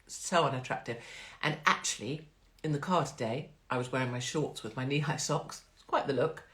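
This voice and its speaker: A woman's voice: very deep voice, normal speed, fairly bright tone. A woman hosting a live stream in a blunt, profane, chatty and rambling way. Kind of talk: casual live-stream chat.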